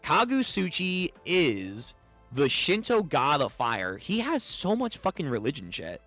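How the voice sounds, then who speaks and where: A man's voice: on the high side, wildly swooping pitch, a little slow, pushed and bright, faint music behind. A young man live-streaming his reaction to a manga chapter, reading it aloud and swearing as he talks back to the page.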